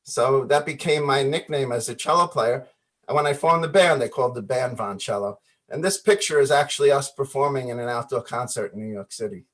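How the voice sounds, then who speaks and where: A guest musician tells animated stories on a video call interview, often acting out the voices in his anecdotes and laughing. His voice is medium in pitch and fairly quick.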